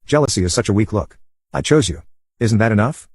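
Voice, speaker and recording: A man's voice: fairly low pitch, animated, brisk, slightly rough, no echo, studio quality. A man doing a vain, defensive girlfriend. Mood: defensive, scornful. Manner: dismissive, defensive.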